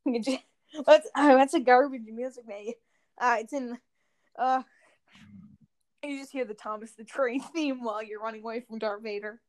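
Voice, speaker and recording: Brief: female podcast host, high bright pitch, rambling jokey recap, casual. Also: steady tone, moderate pace, pauses often, poor audio. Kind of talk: casual game review chat.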